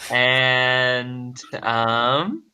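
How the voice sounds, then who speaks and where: A man running a tabletop game as game master, unhurried and laughing often. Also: medium pitch, steady tone, pushed and bright, smooth.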